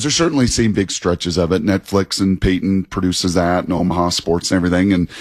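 A man co-hosting sports talk radio, chatty and animated, laughing as he talks. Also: fairly low pitch, dry recording, clean studio sound.

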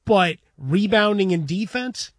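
A man's voice: sits high, expressive, a little slow, no echo. A man co-hosting a sports radio show in a studio, talking through a point in a wry, analytical way.

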